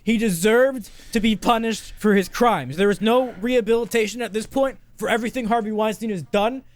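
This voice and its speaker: A man hosting a podcast in casual chat, high on weed, rambling and ranting with lots of swearing. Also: fairly quick. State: stoned. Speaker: podcast host.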